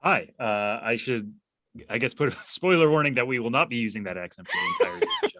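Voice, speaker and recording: A man's voice: medium pitch, huge pitch swings, fast talker, sharp tone, no room sound. A man co-hosting a podcast in casual chat, playful and wry. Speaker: podcast co-host.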